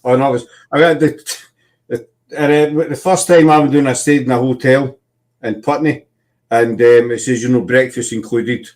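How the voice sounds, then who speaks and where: A man's voice: mid-range voice, steady tone, moderate pace, a little mellow. A man with a Scottish accent, hosting a casual chat and telling rambling anecdotes.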